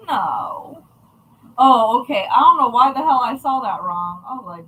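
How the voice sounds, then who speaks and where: A woman livestreaming from her craft shop, swearing freely and poking fun at herself. Her voice sits high and swings wildly up and down, with a bright, sharp edge. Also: big pitch swings, a little slow, slight background noise, rough recording. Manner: chatty, profane, self-mocking. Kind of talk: casual livestream chat.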